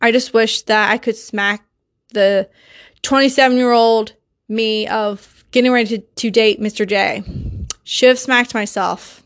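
A woman's voice: fairly high pitch, fairly even intonation, measured pace, a bit bright, clear, resonant tone. A young woman hosting a solo podcast, talking in an emotional, insistent way and swearing often. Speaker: podcast host.

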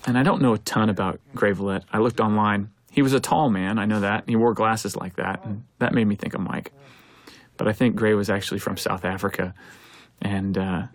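A man's voice: fairly low pitch, fairly even intonation, brisk. A man, a film director, giving an earnest, reflective audio commentary, thinking aloud as he talks.

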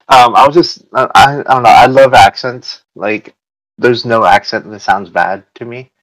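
A man's voice: mid-range voice, measured pace, fairly bright tone, dry recording, low-quality recording. A man from the United States hosting a casual podcast chat, rambling along with lots of fillers and restarts. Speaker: podcast host.

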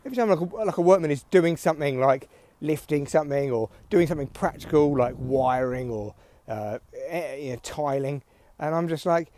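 A man's voice: fairly high pitch, normal speed, few pauses, mellow, a little hiss or hum. A man hosting a solo podcast, rambling through a dry, self-mocking comic monologue. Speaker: podcast host.

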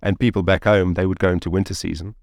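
A man in his thirties recounts a story as an interview guest, filling his sentences with "like" and "you know". His voice sits low with a gravelly edge, and the sound is dry and close. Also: quick pace, no room sound. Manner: animated, rambling with many fillers like "like" and "you know".

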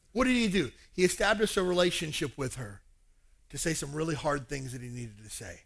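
A male pastor preaching a sermon, animated and acting out dialogues. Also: a little high, brisk, gravelly.

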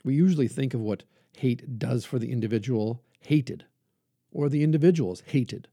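A male preacher talking earnestly with measured pauses, then reading a sermon aloud with rising emphasis. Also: medium pitch, mellow, husky, no room sound, clean studio sound. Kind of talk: podcast reflection and sermon reading.

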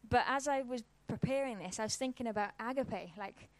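A woman's voice: a little high, fairly quick, dry recording. A woman, giving an informal church talk and telling a personal story in a casual, conversational way. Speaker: church speaker.

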